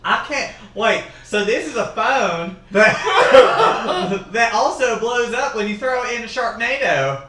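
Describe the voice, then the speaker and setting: A young man co-hosting a casual chat, quick to mock with silly impressions. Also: extremely high pitch, sing-song, pushed and bright, distant mic. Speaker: co-host. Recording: echoey room, voice off-mic.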